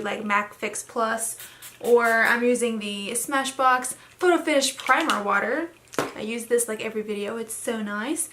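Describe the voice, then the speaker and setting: Bright, chatty young woman vlogger. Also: high voice. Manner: chatty, rambling with many fillers. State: slightly hoarse, frog in her throat. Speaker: beauty vlogger. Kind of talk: casual makeup tutorial chat.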